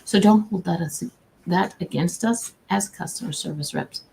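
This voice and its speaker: This livestream features a customer service agent, a woman with a fairly low, creaky voice speaking at normal speed through her own camera. Chatty, folksy and warm-hearted, she gives casual advice and keeps restarting sentences, and the rough recording carries a little hiss or hum.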